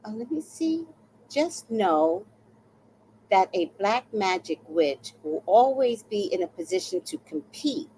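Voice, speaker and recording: This livestream host, a woman in her sixties, is an animated storyteller who laughs often and swears casually as she chats. She speaks in a mid-range voice at a measured pace. The low-quality recording carries slight background noise.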